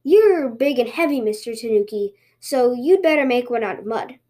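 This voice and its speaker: Woman doing a sweet-talking sneaky bunny, high sugary voice, acts totally innocent. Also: expressive, moderate pace, darkish tone, lightly acted. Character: sly sweet-talking male rabbit trickster.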